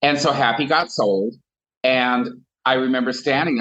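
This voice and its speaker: A man's voice: mid-range voice, moderate pace, a bit bright, lo-fi sound. A man from Colorado, a guest telling funny stories in casual chat with comic asides. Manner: theatrical storyteller with comic asides.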